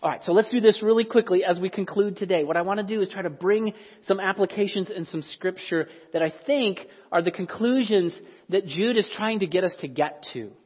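Preaching as a pastor, this man tells his sermon like a conversational story and acts out quoted voices. He speaks a little fast in a husky voice that sits high, recorded in an echoey hall with dull lo-fi sound.

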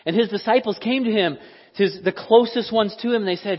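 High-voiced pastor in an echoey hall. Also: male voice, brisk. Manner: conversational storytelling, acts out quoted voices. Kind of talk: sermon. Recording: echoey hall, dull lo-fi sound.

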